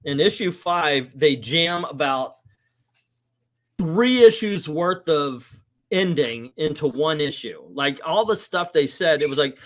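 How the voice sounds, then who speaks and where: A middle-aged man chatting casually on a comic book livestream, his slightly high voice swinging up and down with lots of life. He keeps breaking into little character voices to act out quotes. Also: slow. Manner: animated, acts out quotes in voices. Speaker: comic book show host.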